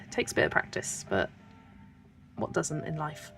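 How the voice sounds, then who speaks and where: A woman from Wiltshire with a West Country English accent, hosting a colouring livestream at home and chatting in a rambling way with soft asides as she works. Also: low voice, big pitch swings, moderate pace, creaky, soft background music. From Wiltshire, England. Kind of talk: casual livestream chat while colouring.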